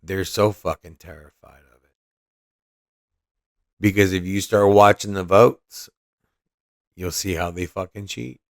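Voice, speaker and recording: A man's voice: deep voice, steady tone, a little slow, vocal fry, pauses often, dry recording, studio quality. A man hosting a podcast, giving profane, mocking and combative political commentary. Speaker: podcast host.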